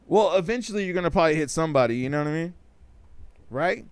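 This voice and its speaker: Slangy, smooth-voiced hip hop show host. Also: male voice, on the high side, expressive, fast, no room sound. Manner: loose and joking, slangy, repeats himself, bursts of animation. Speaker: talk show host reading live chat. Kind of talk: casual live-stream chat.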